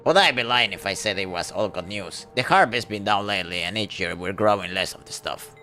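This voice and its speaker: Man doing a gruff, menacing mushroom trader. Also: fairly quick, bright, forceful tone, soft background music. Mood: boastful. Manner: low, sullen, threatening.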